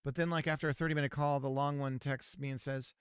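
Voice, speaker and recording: A man's voice: medium pitch, fairly even intonation, fast talker, clean tone, no room sound, studio quality. A man streaming game development, chatting casually in a sarcastic, rambling storytelling way. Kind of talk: casual live-stream chat.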